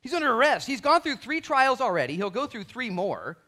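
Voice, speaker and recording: A man preaching a sermon as a pastor, telling stories and acting out the quoted voices in them, moving from quiet asides to loud, emphatic bursts. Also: extremely high pitch, big pitch swings, a little fast. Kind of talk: storytelling sermon.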